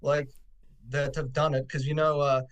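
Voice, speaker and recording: A man's voice: a little high, flat delivery, moderate pace. A man co-hosting an interview show on a video call, asking long rambling questions full of fillers. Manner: hesitant, filler-heavy, rambling. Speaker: podcast co-host. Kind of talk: casual interview chat.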